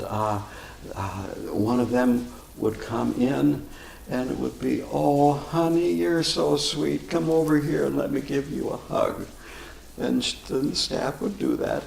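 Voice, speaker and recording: An older man, a Buddhist teacher, answering questions with unhurried, chuckling stories. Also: medium pitch, creaky, darkish tone. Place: meditation center hall. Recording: echoey room, faint noise.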